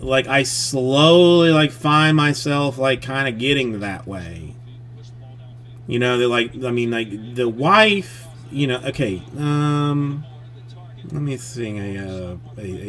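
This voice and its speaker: A man chatting casually on a live stream, his voice bright and forward. He rambles and circles back, with constant "I mean" and "like" restarts as he works through a family story. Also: medium pitch.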